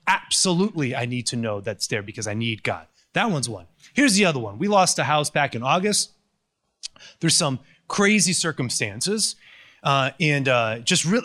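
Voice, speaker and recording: A man giving a conversational, sarcastic lecture, telling stories with lots of energy. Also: on the high side. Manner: conversational, sarcastic, animated storytelling. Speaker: Catholic lecturer. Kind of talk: recorded lecture.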